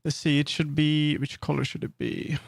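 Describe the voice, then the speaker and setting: A man's voice: a little high, fairly even intonation, moderate pace, vocal fry, no room sound, clean studio sound. A man chatting casually on a live stream, thinking aloud and correcting himself as he works. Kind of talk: casual live-stream chat while working.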